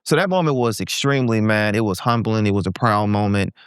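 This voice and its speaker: A guest entrepreneur in his forties tells a candid story on a podcast, breaking into animated impressions of the people he quotes. His voice is smooth, resonant, and a little low, and he talks fairly quickly. The recording is dry and close, with no room around it.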